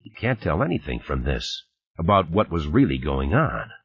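Male reader doing a anxious office worker, low, husky, lo-fi. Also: big pitch swings, normal speed, full character voice. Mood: worried. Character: worried man facing dismissal at work. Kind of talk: audiobook reading.

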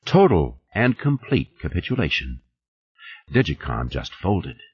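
A man's voice: deep voice, very animated, unhurried, breathy edge, full character voice. A man voicing a weary, dazed woman lawyer in an audiobook reading. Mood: resigned. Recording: dull lo-fi audio.

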